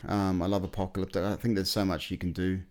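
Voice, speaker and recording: A man with a very deep, low-pitched voice chats casually on a podcast. He rambles with enthusiasm, stacking fillers and restarting his sentences as he goes. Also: level tone, fast, a little mellow, clean tone. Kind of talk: casual chat.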